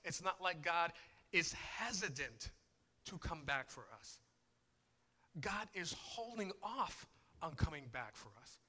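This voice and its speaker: A man delivers a sermon in a relaxed, storytelling manner. His voice is very bright and sits slightly high, and it rises and falls sharply in loudness as he preaches. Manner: conversational, storytelling preacher, swings loud and soft. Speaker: pastor.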